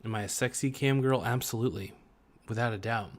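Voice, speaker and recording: A man hosting a casual livestream, joking and rambling, stretching some words out and breaking into sudden loud bursts. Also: medium pitch, a little fast. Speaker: livestream host.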